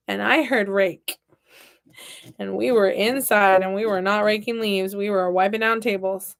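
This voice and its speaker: A woman's voice: mid-range voice, steady tone, unhurried, fairly bright tone. Chatty woman telling stories while crafting. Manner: chatty, playful storyteller; talks while working with her hands. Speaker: toy repair vlogger. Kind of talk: casual chat while crafting.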